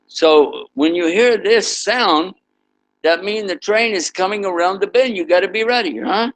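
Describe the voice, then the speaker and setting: A man's voice: sits high, a little slow, a little hiss or hum, low-quality recording. A man preaching to students through an interactive story, leading them in sound effects and asking them questions. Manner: animated, leads the audience in sound effects; asks the audience questions. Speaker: Islamic preacher teaching students.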